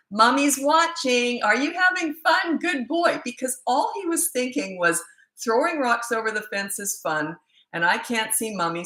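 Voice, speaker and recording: A woman's voice: medium pitch, echoey room, poor audio. A woman parenting coach chatting casually in a live Q&A, telling stories with lots of laughter. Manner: animated storyteller, laughs often.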